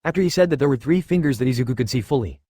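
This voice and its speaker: A man narrates a fan fiction story in a flat, hurried reading voice. He races through the text at a brisk pace. The recording is dry and close. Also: medium pitch, dry recording.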